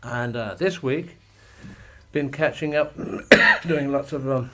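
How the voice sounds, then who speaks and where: A man's voice: medium pitch, takes it slowly. Older german guy on a call, easygoing, rambles a bit. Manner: relaxed, chuckling, meandering. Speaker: guest. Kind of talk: casual chat. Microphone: video call.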